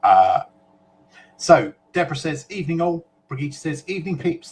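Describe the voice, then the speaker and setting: A man's voice: a little high, sing-song, normal speed, darkish tone, rough recording. Chatty British man reading comments. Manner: reads out comments chattily, with fillers and small asides. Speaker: co-host reading viewer comments. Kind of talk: casual chat show.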